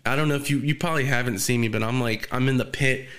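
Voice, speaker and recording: A young man in casual chat, swearing freely and telling animated stories with high, acted quotes. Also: quick pace.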